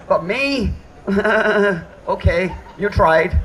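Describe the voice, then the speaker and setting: A man's voice: sits high, drawn-out words, a bit bright, slight background noise, low-quality recording. A middle-aged man giving a father of the bride speech at a hotel wedding reception, joking and poking fun at himself. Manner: joking, self-deprecating.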